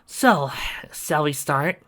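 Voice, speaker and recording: A reader voicing a patient, bookish young woman running a tabletop game, calm and measured. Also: mid-range voice, voice pushed up.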